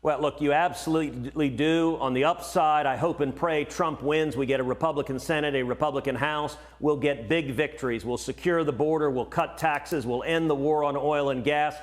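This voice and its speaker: Emphatic middle-aged man, higher voice. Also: fairly even intonation, normal speed, few pauses. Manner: emphatic, repeats words when starting sentences. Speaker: senator guest. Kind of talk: cable news interview.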